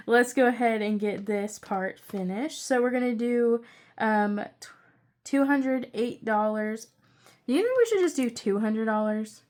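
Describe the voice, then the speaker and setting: A woman's voice: a little high, a little slow. Chatty, rambling young woman. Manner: chatty, rambling, excitable asides. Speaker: budgeting channel creator. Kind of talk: casual budget-with-me narration.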